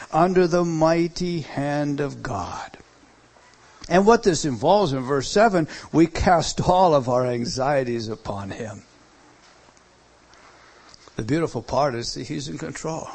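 Emphatic male pastor preaching. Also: a little high. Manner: emphatic preaching, swings between loud and soft. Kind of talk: sermon.

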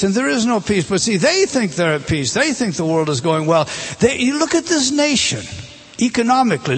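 Very animated and brisk, this middle-aged preacher has a high voice with a breathy edge. His sermon is conversational Bible teaching, where he asks listeners rhetorical questions and reads scripture with emotion.

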